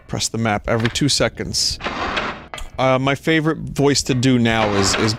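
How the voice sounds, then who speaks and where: A man's voice: mid-range voice, moderate pace. Rambling male streamer over game music. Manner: rambling, chatty, swears casually, tries silly impressions. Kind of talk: casual gameplay commentary.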